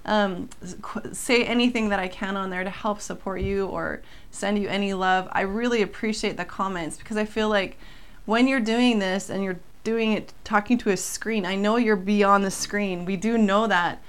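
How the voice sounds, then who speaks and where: Smooth-voiced, earnest woman co-host. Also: mid-range voice. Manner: earnest, heartfelt, halting. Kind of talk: casual chat.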